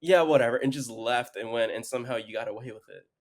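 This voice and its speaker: A man's voice: mid-range voice, fairly even intonation, quick pace. A young man in his twenties, co-hosting a podcast from home, telling stories in a rambling way full of fillers. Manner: rambling, filler-heavy storytelling. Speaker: podcast co-host. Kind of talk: casual chat. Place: home, remote recording.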